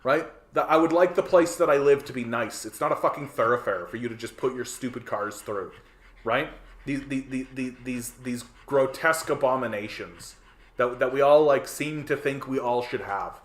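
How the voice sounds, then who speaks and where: A man's voice: mid-range voice, normal speed, a bit bright. A man from Canada hosting a podcast in a heated, profane rant, repeating "right?" again and again. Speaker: podcast host. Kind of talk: casual ranting monologue. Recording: echoey room.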